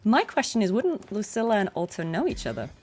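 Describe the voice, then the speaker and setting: A woman's voice: medium pitch, huge pitch swings, fairly quick, darkish tone, a little hiss or hum. A woman with a neutral RP English accent chatting as a voice actor while streaming a game, laughing often. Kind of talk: casual stream commentary.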